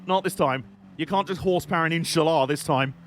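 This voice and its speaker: A man's voice: fairly high pitch, quick pace, a little hiss or hum. A young man giving rambling, jokey live commentary while playing a racing game on stream. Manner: jokey, rambling, chatty banter.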